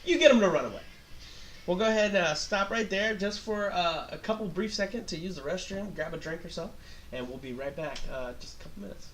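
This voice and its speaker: A man's voice: high voice, fairly quick, a bit bright, slight background noise. A man running a tabletop game as game master, explaining moves with hesitant restarts.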